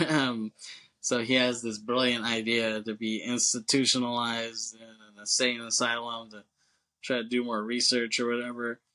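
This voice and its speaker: A man's voice: mid-range voice, level tone, moderate pace, bright, forceful tone, rough recording. A male podcast co-host recapping a movie in loose, casual chat, full of fillers, swearing and chuckles.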